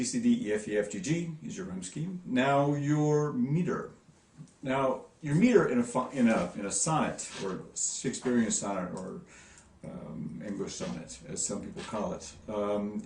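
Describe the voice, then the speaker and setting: A man teaching a recorded lesson to his class, lively and demonstrative, sounding out stresses. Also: medium pitch, reverberant, distant mic. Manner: lively, demonstrative, sing-song stress demos.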